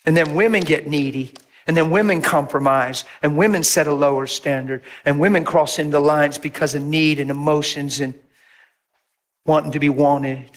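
Animated preaching man. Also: moderate pace. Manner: animated storytelling, acts out voices with big pitch jumps; drops to a near whisper for emphasis. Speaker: pastor. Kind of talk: sermon.

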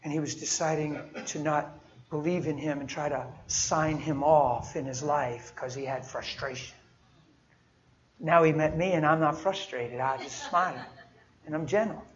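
A man's voice: on the high side, moderate pace. A man preaching a sermon in an earnest, folksy, conversational storytelling way. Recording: dull, muffled sound with faint noise.

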